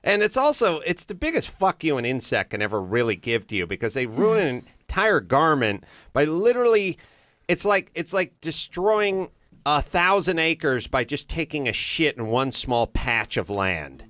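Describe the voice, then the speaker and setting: A man's voice: fairly high pitch, sing-song, moderate pace, a bit bright, no room sound. A man hosting a podcast, riffing through a swearing comedic rant full of tangents. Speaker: podcast host.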